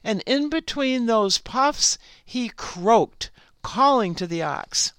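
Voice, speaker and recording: A woman's voice: on the high side, expressive, fairly bright tone, clean tone, no echo. A woman hosting a program, reading a fable aloud in scripted narration. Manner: slow, unhurried read-aloud delivery. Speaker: program host and storyteller.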